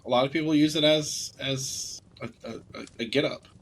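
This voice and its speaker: A man co-hosting a casual podcast, meandering and often restarting and correcting himself, blunt and quick to swear when something annoys him. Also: a little high, fairly even intonation, husky, poor audio. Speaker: podcast co-host.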